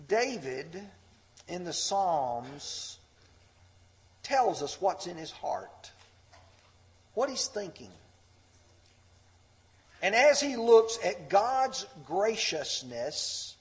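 A male pastor preaching a sermon, swelling loud and impassioned as he reads scripture aloud. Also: on the high side. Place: church sanctuary. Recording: long reverb of a large hall.

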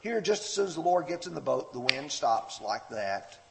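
A man delivers a sermon with a somewhat high voice that rises and falls widely. He tells a story with expression and raises his pitch sharply when he quotes scripture. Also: big pitch swings, moderate pace, gravelly, background noise. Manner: storytelling with a personal anecdote. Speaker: pastor.

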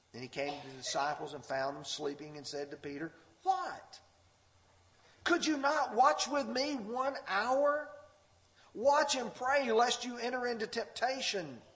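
A man's voice: high voice, fairly bright tone. A man preaching a sermon, earnest and fervent, reading scripture with rising intensity. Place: church sanctuary. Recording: long hall reverb.

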